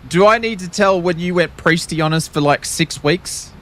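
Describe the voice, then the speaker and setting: A man's voice: high voice, normal speed, fairly bright tone, a little hiss or hum. An Australian man streaming a flight sim, chatting casually with jokey, rambling, self-deprecating asides. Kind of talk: casual live-stream chat.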